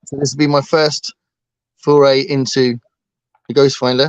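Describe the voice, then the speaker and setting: A man's voice: mid-range voice, flat delivery, normal speed, smooth, dry recording. A man co-hosting a casual book livestream, talking hesitantly with lots of ums and restarts. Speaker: book channel co-host.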